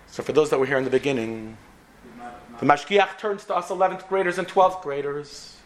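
Animated American storyteller, a man. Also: a little high, brisk. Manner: animated, acts out characters. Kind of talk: storytelling talk.

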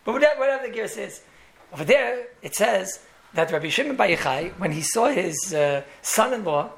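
A man's voice: sits high, expressive, brisk, gravelly, fairly bright tone. A man, a rabbi, gives a Torah lecture in English full of Yiddish and Hebrew terms, telling stories with repeated words and chuckling asides.

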